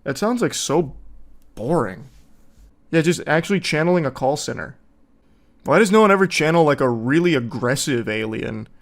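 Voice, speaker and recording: A man's voice: on the high side, animated, moderate pace, vocal fry, pauses often. Sarcastic, profane male commentator. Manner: sarcastic, profane, mocking banter. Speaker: commentary host. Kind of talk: casual reaction commentary.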